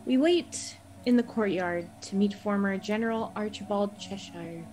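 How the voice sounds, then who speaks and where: A woman reading a recap of a tabletop game session as a player, with a steady, even storytelling manner. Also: medium pitch, unhurried, low-quality recording. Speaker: player recapping the last episode.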